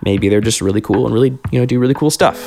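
A man's voice: mid-range voice, rapid-fire, gravelly, a little mellow. Chill podcast guy wrapping up the episode, easygoing and upbeat, faint music behind him. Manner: laid-back and upbeat, casual slang. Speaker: podcast host. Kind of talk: casual outro chat.

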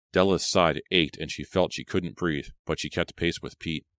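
A man narrates a horror audiobook in a steady, measured way. His voice is extremely deep. The recording is dry and close, with no room sound. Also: no room sound. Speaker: audiobook reader.

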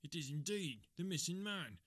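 A man doing a hearty, gruff police inspector. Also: a little high, animated, moderate pace, a bit bright, dry recording, pitched above the performer's own voice.

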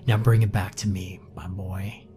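A man's voice: low voice, little pitch movement, moderate pace, over music, close to an everyday voice. A man whispering as a sadistic cheerful killer. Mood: menacing. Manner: hushed menacing whisper.

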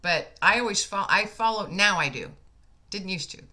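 A woman's voice: medium pitch, animated, moderate pace, pushed and bright. A woman hosting a casual conversation, telling an earnest, heartfelt story with frequent fillers.

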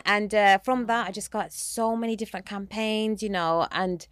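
A woman's voice: mid-range voice, steady tone, normal speed, no room sound, clean studio sound. A young woman, a guest telling her story in casual chat, full of "like" and "you know". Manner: chatty, uses many fillers like "like" and "you know".

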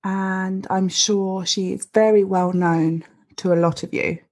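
Husky woman introducing a podcast. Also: mid-range voice, level tone, unhurried, a little mellow. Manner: chatty, self-deprecating, informal. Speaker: podcast co-host.

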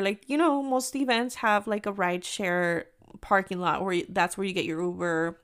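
A woman's voice: mid-range voice, fairly even intonation, moderate pace, fairly bright tone, clean tone. A young adult woman telling a story to her viewers in a casual vlog. She is chatty, says "like" constantly, swears freely and laughs often as she talks. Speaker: vlogger.

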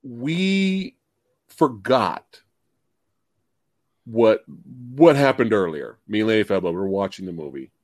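Animated casual male stream host. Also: lowish voice, slow, long pauses, no echo, clean studio sound. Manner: animated, swearing, acts out movie reactions. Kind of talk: casual movie chat.

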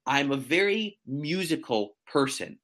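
Animated man with a bright, lively voice. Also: fairly high pitch, unhurried. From central New York. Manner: animated, self-mocking, stammers on restarts. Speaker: guest, real estate agent. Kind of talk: casual chat.

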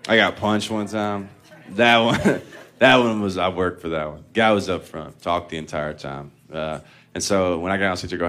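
A man's voice: low voice, fairly even intonation, normal speed, a bit bright. A man doing a stand-up comedy set, telling profane, self-deprecating stories and chuckling at his own lines.

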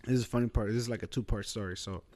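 A man's voice: lowish voice, fairly even intonation, rapid-fire, a little mellow. A man telling a story in casual chat, loose and profane, full of fillers and "bro".

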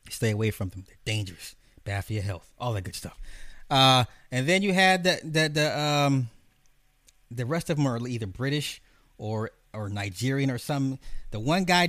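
A man's voice: mid-range voice, fairly bright tone, dry recording. A man giving a casual, profane, rambling film rant, talking straight to his viewers. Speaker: streamer reviewing a film.

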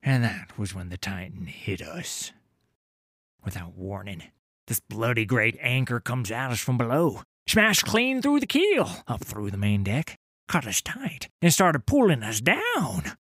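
An actor playing a grizzled, boastful old sailor telling a tale in a tavern, in rough dockside dialect that drops to whispers and rises to roars. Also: male voice, medium pitch, a bit bright, dry recording, studio quality. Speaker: tavern storyteller. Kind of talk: dramatic audio story narration.

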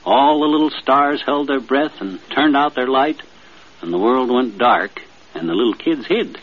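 Brief: man as a homespun yarn-spinner, husky and sing-song, dull old broadcast sound. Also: mid-range voice, moderate pace, close to an everyday voice. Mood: folksy. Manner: folksy, drawling, lively storyteller. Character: folksy middle-aged man spinning a bedtime tale. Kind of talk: storytelling in a radio comedy. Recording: dull 1950s radio transcription.

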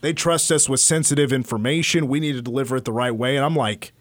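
A man's voice: mid-range voice, fast, no echo. A man hosting a sports talk show, casually retelling sports stories. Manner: storytelling, animated retelling. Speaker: sports radio host.

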